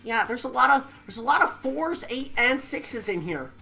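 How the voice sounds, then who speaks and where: A woman streaming a game playthrough, her voice raspy from allergies, chatting and giggling with viewers between voiced scenes. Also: fairly high pitch, animated, normal speed, bright, forceful tone, soft background music. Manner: chatty, giggly asides to chat.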